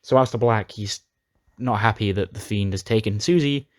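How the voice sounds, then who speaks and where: Brief: man, lowish voice, chatty gaming recap with dramatic storytelling, dry close sound. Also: moderate pace, no room sound. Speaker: gaming YouTuber. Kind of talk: casual recap of a wrestling sim playthrough.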